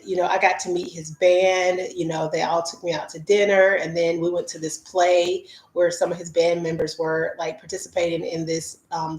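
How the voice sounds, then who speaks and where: A woman travel vlogger from the United States telling her viewers candid stories in a chatty, casual way with lots of fillers. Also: lowish voice. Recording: roomy echo.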